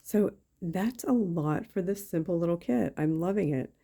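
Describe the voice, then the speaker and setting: A woman's voice: fairly low pitch, lively intonation, moderate pace, creaky, dark tone. A woman chatting casually as she crafts on camera, thinking aloud with lots of fillers. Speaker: craft YouTuber. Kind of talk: casual craft-along chat.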